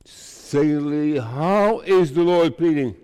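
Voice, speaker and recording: A man preaching a sermon to his congregation, speaking slowly in short, measured phrases. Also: on the high side, warm tone, smooth. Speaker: pastor. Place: church. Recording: reverberant church hall.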